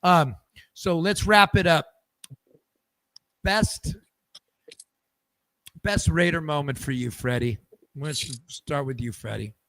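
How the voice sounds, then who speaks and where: A man hosting a casual podcast, his voice sitting a little high. He tells stories eagerly, stumbling over restarts and repeated words. The sound is dry and close. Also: slow pace, pauses often, no room sound. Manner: lively storyteller, many restarts and repeated words. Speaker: podcast host. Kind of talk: casual chat.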